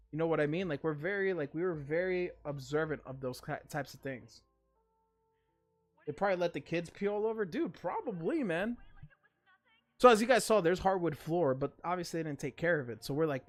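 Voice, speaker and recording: A man's voice: on the high side, expressive, a little fast, soft background music. A male livestream host in a casual chat, ranting emphatically and swearing freely.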